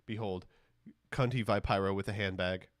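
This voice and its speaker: A man's voice: lowish voice, steady tone, normal speed, no echo, clean studio sound. A man live-streaming as he opens trading cards, rambling and joking crudely with his chat.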